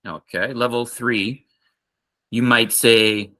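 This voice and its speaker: A man teaching an online English lesson for retail staff, speaking slowly and patiently and repeating phrases for learners to say along with him. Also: mid-range voice, animated, pushed and bright.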